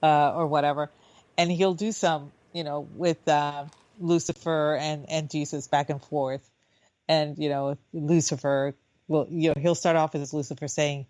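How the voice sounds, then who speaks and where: Woman radio co-host, low voice, dry close sound, chatty and halting. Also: fairly even intonation, a little mellow, dry recording, low-quality recording. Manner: chatty, halting restarts, laughs easily. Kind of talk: casual chat.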